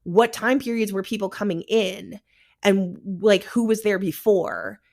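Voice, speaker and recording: A woman guest on a podcast, a paranormal investigator chatting casually in an animated way, swearing freely and acting out what others say. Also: mid-range voice, unhurried, vocal fry.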